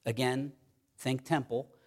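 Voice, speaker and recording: A man's voice: mid-range voice, flat delivery. Emphatic man preaching a sermon. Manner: emphatic, repeats key phrases, reads scripture slowly. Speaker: pastor.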